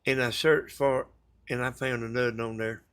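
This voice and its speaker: A man's voice: medium pitch, steady tone, brisk, fairly bright tone, smooth. Folksy Southern man telling a story. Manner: folksy, rambling, colloquial. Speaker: vlogger. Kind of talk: casual storytelling to viewers.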